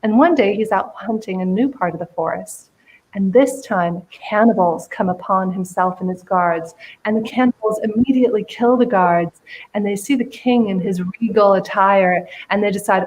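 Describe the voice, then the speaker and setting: A woman's voice: medium pitch, moderate pace, low-quality recording. A woman who is a radio show guest, telling a story with theatrical expression.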